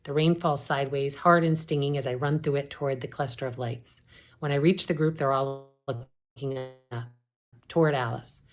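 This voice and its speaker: Low-voiced woman reading a novel aloud. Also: steady tone, normal speed. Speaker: English professor reading aloud.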